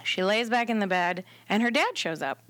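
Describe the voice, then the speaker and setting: A woman, a doula and podcast guest, telling a story in a casual, animated way and acting out the quotes with laughs. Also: medium pitch, normal speed, dry recording.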